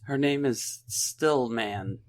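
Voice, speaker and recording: A man co-hosting a podcast, chatting casually in a quiet way and making puns. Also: mid-range voice, slow. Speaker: podcast co-host. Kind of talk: casual chat.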